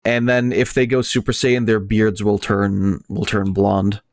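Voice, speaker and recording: A man's voice: fairly low pitch, measured pace, no echo, studio quality. A man chatting casually while playing a game with friends, joking, swearing and laughing a lot. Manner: laughing, swearing, excitable banter. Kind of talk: casual gaming chat.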